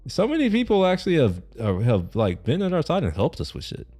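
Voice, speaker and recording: A man with a warm, fairly high voice reacts to a video on stream, his pitch swooping wildly as he talks briskly. He rambles casually with many fillers and restarts and laughs a lot, over soft background music.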